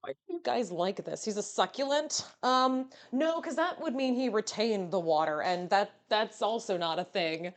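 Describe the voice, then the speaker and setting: A woman's voice: medium pitch, expressive, moderate pace, few pauses. A young woman streaming live, chatting casually with her viewers in a playful, teasing way and swearing freely.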